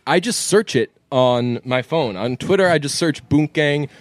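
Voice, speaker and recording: A man's voice: on the high side, animated, a little slow, dry recording, clean studio sound. A man co-hosting a podcast, telling stories in a rambling, profane way in casual chat.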